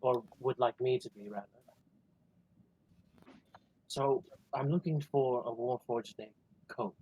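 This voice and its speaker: A man speaking as a player in a tabletop game over a video call. His voice is mid-pitched and deliberate, measured as he lays out his words. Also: dark tone, breathy edge, poor audio. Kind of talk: in-character roleplay.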